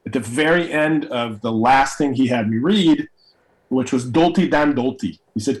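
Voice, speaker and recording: A middle-aged man from New York City, an actor telling stories from his career in a lively conversational way. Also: medium pitch, moderate pace, low-quality recording. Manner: animated storyteller, acts out quoted voices. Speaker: actor and guest. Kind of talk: storytelling in conversation.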